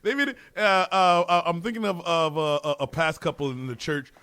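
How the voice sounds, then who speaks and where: A man's voice: a little high, fairly quick, clear, resonant tone. A man co-hosting a casual podcast chat, emphatic and swearing, often acting out what others say. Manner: lively, emphatic, swears, acts out quotes. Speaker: podcast co-host.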